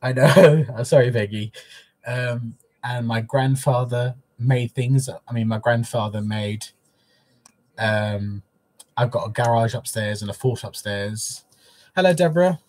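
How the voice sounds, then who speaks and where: A man's voice: mid-range voice, a little slow, darkish tone. A man hosting a casual craft livestream from home, talking openly and emotionally to his viewers. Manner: openly emotional, soppy, chatty. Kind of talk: casual live-stream chat. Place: at home, in a living room.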